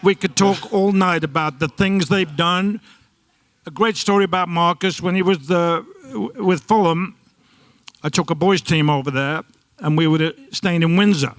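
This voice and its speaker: High-voiced man speaking in a dry room. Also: moderate pace, fairly bright tone, no room sound. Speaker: speaker honoring former players. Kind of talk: speech at a tribute event.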